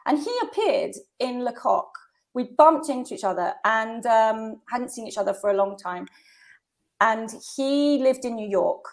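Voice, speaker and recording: A woman in her fifties with a fairly high voice, talking as an interview guest. She tells her stories in an animated way and laughs often. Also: measured pace. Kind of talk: casual conversation.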